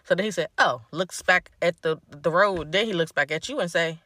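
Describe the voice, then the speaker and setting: A woman's voice: on the low side, moderate pace, pushed and bright, no echo. A woman telling a casual, exasperated storytime about a date.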